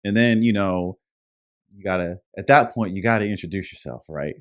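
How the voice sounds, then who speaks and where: A man's voice: low voice, moderate pace. A man telling a dating story as a podcast guest in casual chat, acting out what people said. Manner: storytelling, acts out quotes.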